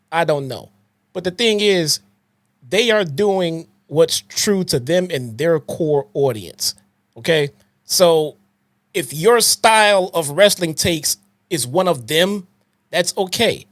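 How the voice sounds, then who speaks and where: A man co-hosts a podcast and lectures emphatically, peppering his points with swearing. His voice sits fairly high. The recording is dry and close, with no room sound. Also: fairly bright tone, no room sound. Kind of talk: heated podcast rant.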